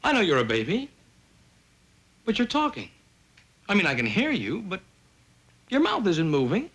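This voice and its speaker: A man's voice: sits high, huge pitch swings, normal speed, fairly bright tone, exaggerated voice. A man playing a flustered young man who hides a secret, wisecracking and stammering nervously. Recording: hiss of old TV soundtrack.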